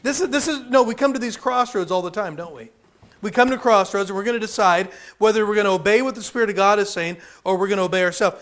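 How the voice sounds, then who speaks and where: A man's voice: high voice, fast, a bit bright. A man preaching a sermon in a folksy way, repeating phrases and using many fillers. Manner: calls people up for a live demonstration.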